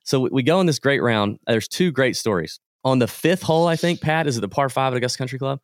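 A man, a guest on a podcast, telling lively anecdotes in a casual way and acting out the people he quotes. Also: medium pitch, fast, no room sound, clean studio sound. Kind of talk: casual storytelling.

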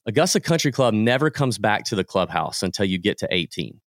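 A man, a guest on a podcast, telling lively anecdotes in a casual way and acting out the people he quotes. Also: fairly low pitch, brisk, no room sound, clean studio sound. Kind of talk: casual storytelling.

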